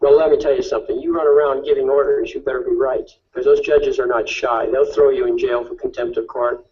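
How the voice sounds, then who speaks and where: A man's voice: mid-range voice, level tone, a little fast, far from the mic, dull audio. A man giving an instructive talk on court tactics, asking rhetorical questions and often checking in with "okay?". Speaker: speaker on legal tactics. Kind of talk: lecture-style talk.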